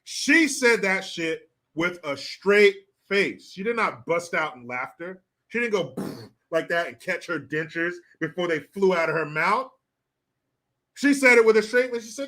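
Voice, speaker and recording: A man's voice: high-pitched, expressive, unhurried, bright, forceful tone. A man hosting a political commentary show, ranting in a profane, sarcastic way. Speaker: host.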